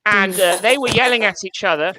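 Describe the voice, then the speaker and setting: A man's voice: sits high, fairly quick, loud music behind the voice. An English man doing stand-up over a video call, swearing freely and laughing at his own jokes. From England. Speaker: stand-up comedian.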